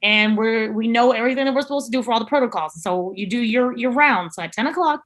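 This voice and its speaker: Animated young woman telling a story. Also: on the high side, fast. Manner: animated, swears freely. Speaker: chef guest. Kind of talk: casual storytelling.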